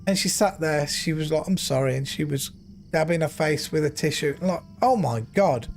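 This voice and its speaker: A middle-aged man streaming a game, telling an emotional story in an earnest, animated way. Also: on the high side, normal speed, faint music behind. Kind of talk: casual storytelling while gaming.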